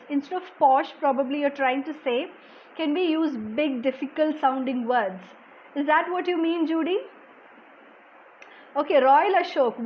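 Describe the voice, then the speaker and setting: A woman from India teaching a live online class, answering viewers' questions in a soft, quiet voice, saying "okay" often. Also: dull audio, slight background noise. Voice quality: soft-spoken, low volume. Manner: explanatory, reads out viewer comments, frequent "okay". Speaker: language exam coach. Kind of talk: live-streamed lesson answering chat questions.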